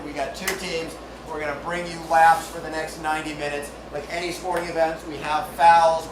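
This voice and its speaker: A man hosting and refereeing a live improv comedy show on a theater stage, playful and jokey, now and then shouting to the crowd. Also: a little high. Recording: roomy hall, distant mic, loud noise.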